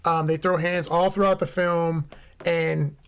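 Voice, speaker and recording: Guy with a gravelly kinda high-ish voice, chatty and jokey, reviewing movies on a podcast. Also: measured pace, a little hiss or hum. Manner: animated, jokey, tries out impressions. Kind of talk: casual chat.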